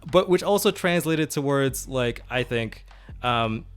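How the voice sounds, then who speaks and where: A man's voice: mid-range voice, lively intonation, measured pace, clean tone. A man co-hosting a podcast, talking casually about tabletop role-playing in a rambling way, with many fillers, restarts and laughs. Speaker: podcast co-host.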